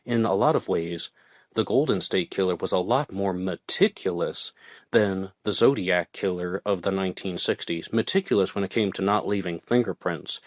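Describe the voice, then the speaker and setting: A deep-voiced man hosts an online radio show, offering true-crime commentary at normal speed in a conversational style with fillers and self-corrections. The studio sound is clean, with no echo.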